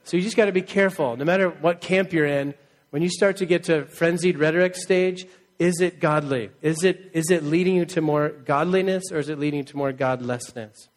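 Man, pastor, conversational sermon, earnest, slightly high voice. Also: brisk. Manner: conversational, earnest, asks the crowd for replies.

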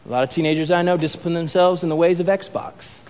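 A man preaching a sermon as pastor in a church hall, with a conversational, animated way of telling stories. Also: on the high side, quick pace, clean tone.

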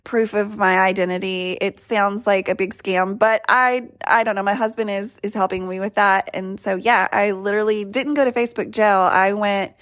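A woman's voice: medium pitch, fairly even intonation, normal speed, hardly any pauses, fairly bright tone. A woman in her forties hosting a podcast, chatting casually with a giggly, rambling manner. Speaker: podcast host. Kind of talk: casual chat.

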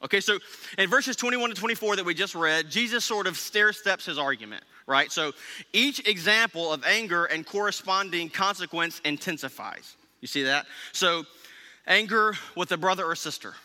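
Man, pastor, conversational sermon, high bright voice, long hall reverb. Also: expressive, moderate pace. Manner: conversational, checks in with "okay?" and "right?".

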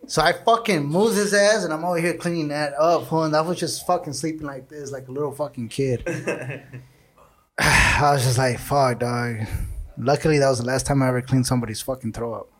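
A man's voice: on the high side, moderate pace, fairly bright tone. A young man hosting a podcast, telling crude party stories full of profanity and slang, laughing often. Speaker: podcast host. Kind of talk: casual storytelling chat.

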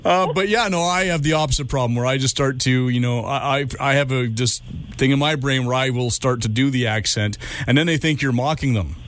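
A man hosting a radio show, chatting casually and jokingly with a guest, with quick rambling restarts. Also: mid-range voice, fairly bright tone, slight background noise.

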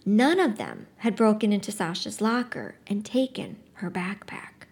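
A woman talks up a novel in a casual, chatty way, then slips into reading an excerpt aloud. Her voice sits in a middle pitch, and her delivery is lively. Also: measured pace, gravelly. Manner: conversational, lively storyteller's delivery. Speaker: book presenter. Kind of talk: book talk with a read-aloud excerpt.

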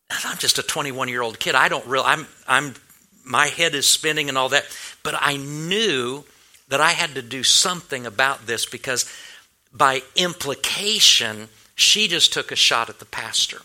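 A man's voice: mid-range voice, moderate pace, bright, forceful tone. A male pastor telling a personal story in a sermon, earnest and anecdotal, with many restarts and fillers.

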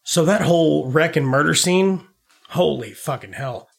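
A man's voice: a little high, animated, measured pace, creaky, husky. A man and a self-described dad, co-hosting a podcast and rambling through a movie plot with lots of swearing and laughter. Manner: profane, rambling, laughs often. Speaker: podcast co-host. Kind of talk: casual movie review chat.

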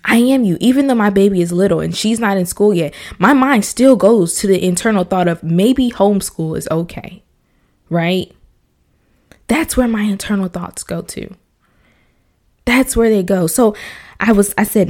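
A woman's voice: medium pitch, normal speed, darkish tone. A young adult woman hosting a personal podcast, speaking earnestly and emotionally, repeating herself and sometimes dropping to a whisper. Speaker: podcast host, mother.

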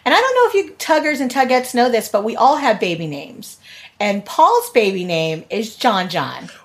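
A woman's voice: on the high side, sing-song, normal speed. A young woman, a podcast guest, chatting casually and laughing often as she tells stories. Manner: laughing storyteller. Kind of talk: casual chat.

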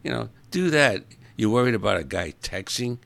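A man's voice: mid-range voice, lively intonation, normal speed, creaky, a bit bright, no echo. A man hosting a podcast, talking in a casual, rambling monologue, opinionated and grumbling. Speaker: podcast host.

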